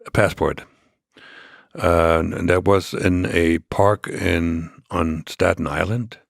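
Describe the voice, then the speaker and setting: An older man, telling his story as an interview guest, halting with many restarts and fillers. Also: deep voice, gravelly, no echo, clean studio sound. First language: German.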